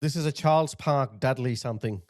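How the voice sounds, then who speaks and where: A man's voice: medium pitch, fairly quick. A man hosting his channel, giving indignant political commentary over video clips and often repeating himself to point things out. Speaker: channel host.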